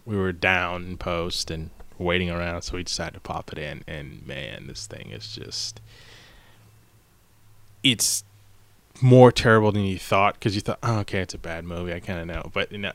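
A middle-aged man co-hosting a podcast, telling a rambling, animated story in casual chat. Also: deep voice, unhurried, vocal fry. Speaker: podcast co-host.

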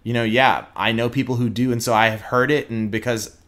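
A young adult man from Texas, speaking as an interview guest in an earnest, reflective way with frequent pauses and fillers. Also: medium pitch, fairly even intonation, a bit bright. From Houston, Texas. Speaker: guest, prosecutor.

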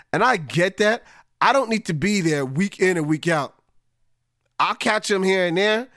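Male sports-podcast host, high-pitched, dry recording, frustrated casual rant. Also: expressive, moderate pace, a bit bright, no echo. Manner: frustrated, conversational, drags out words for emphasis.

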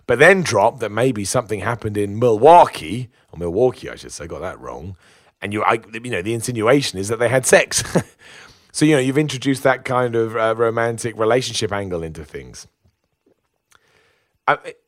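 Male reviewer, opinionated and chatty, fast delivery, dry mic. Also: on the low side, a bit bright, no room sound. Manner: chatty, opinionated, with restarts and laughs. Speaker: wrestling show reviewer. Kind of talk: casual spoken review.

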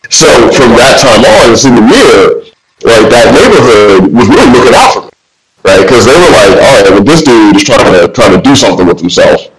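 A man's voice: mid-range voice, very animated, moderate pace, roomy sound, very noisy. A man in his forties telling a long, rambling story in a casual interview, full of "like" and "man". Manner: laid-back, rambling, lots of "like" and "man". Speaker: guest, writer.

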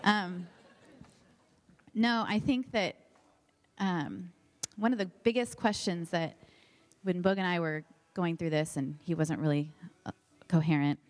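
A woman giving a heartfelt testimony at a church service, earnest and halting, with fillers. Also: on the low side, dry recording. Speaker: pastor's wife sharing testimony. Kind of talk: sermon testimony.

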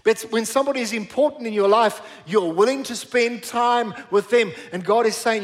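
A middle-aged man preaching a sermon in church, emphatic, repeating words for stress and slowing down on key phrases. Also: extremely high pitch. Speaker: pastor.

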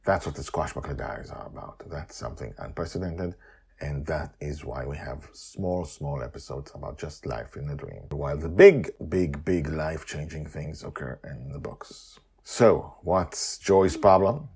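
A man reading his own fantasy story aloud, animated, breaking into excited voices for the characters and then chatting about the series. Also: very deep voice, moderate pace, breathy edge. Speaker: author and narrator.

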